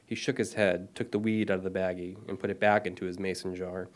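A man's voice: deep voice, fast. A man in his thirties, an author, reading his own short story aloud at a lecture, with apologetic asides. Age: 30s. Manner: self-deprecating, apologetic asides between steady reading.

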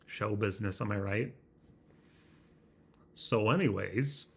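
A man talking to his laptop camera in a house, halting and self-deprecating, searching for his words, with a slightly constricted sound in his throat. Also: lowish voice, creaky, slightly rough. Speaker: vlogger. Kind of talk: rambling self-conscious vlog. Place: indoors in a house. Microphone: laptop webcam.

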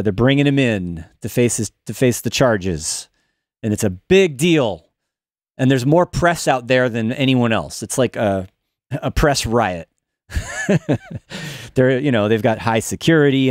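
A man's voice: fairly low pitch, a little mellow, dry recording. A man hosting a casual livestream in a New York studio, thinking aloud with restarts as he demonstrates music production. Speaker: music production instructor and show host.

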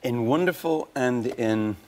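A man's voice: medium pitch, unhurried, a little mellow. A man in his fifties with an Irish accent, a musician guest on a talk show speaking earnestly and reflectively about big ideas. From Ireland. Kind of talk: casual talk show chat. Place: TV studio.

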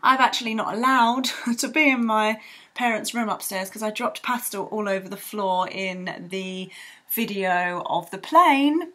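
A woman's voice: mid-range voice, unhurried, sharp tone. A young woman teaching children to draw in a bubbly, rambling way with playful sound effects. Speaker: art tutor. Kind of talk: drawing tutorial for children.

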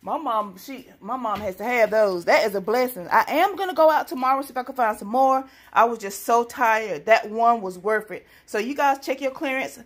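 Excited chatty woman vlogger. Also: on the high side, moderate pace, hardly any pauses. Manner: chatty, excitable, addresses viewers as y'all. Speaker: couponing vlogger. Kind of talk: casual deal-hunting vlog.

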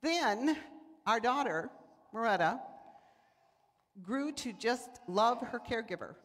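A woman's voice: fairly high pitch, takes it slowly. A woman giving a sermon, telling stories and acting out the voices of people in them. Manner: animated, acts out voices in quotes. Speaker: preacher. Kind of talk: sermon with storytelling. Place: church sanctuary. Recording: church hall reverb.

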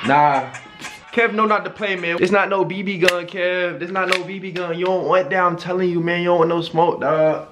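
A man giving casual reaction commentary, animated, slangy and joking. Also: high-pitched, moderate pace, over music. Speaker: YouTuber reacting to a video.

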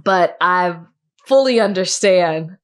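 A woman from Dallas co-hosting a podcast, teasing her partner with quick retorts and frequent laughs. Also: on the low side, expressive. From Dallas, Texas. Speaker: podcast co-host. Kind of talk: casual chat.

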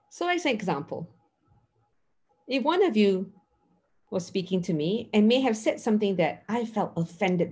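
A middle-aged woman giving a mindfulness lesson in an earnest, teacherly way. Her voice is slightly husky, and her pitch rises and falls in lively swings as she acts out little dialogues. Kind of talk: teaching talk.

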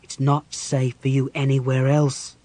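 A man reading the part of a big, brooding warrior general in an audiobook, gruff and growling. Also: medium pitch, moderate pace, darkish tone, voice pushed up, close to an everyday voice.

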